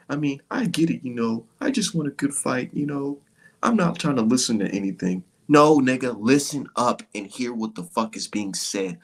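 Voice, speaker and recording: Heated, husky man ranting. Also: medium pitch. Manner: profane, mocking, switches to whispery mock voices. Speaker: boxing commentary vlogger. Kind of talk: heated casual rant.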